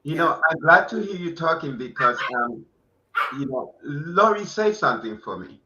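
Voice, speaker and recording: Bright-voiced male talk show host. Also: on the high side, animated, normal speed, slight background noise. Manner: rambling, restarts a lot. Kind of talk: casual interview chat. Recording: echoey dull lo-fi room sound.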